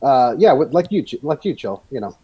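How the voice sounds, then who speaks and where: A man's voice: medium pitch, big pitch swings, fairly quick, mellow, poor audio. A man co-hosting a podcast, chatting casually in a rambling, meandering way. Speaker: podcast co-host. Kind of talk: casual chat.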